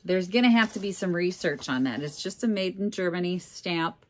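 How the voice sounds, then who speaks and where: A woman's voice: lowish voice, animated, a little fast. A middle-aged woman from Minnesota, a reseller chatting casually and candidly with joking asides as she sorts auction finds. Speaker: reseller vlogger. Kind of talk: casual chat.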